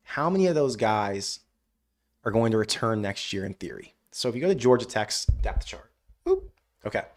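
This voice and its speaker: A man hosting a live college football stream, reading viewer comments aloud and answering with animated rants. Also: lowish voice. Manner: ranting, animated outbursts; frequent "I don't know" hedging. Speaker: college football show host.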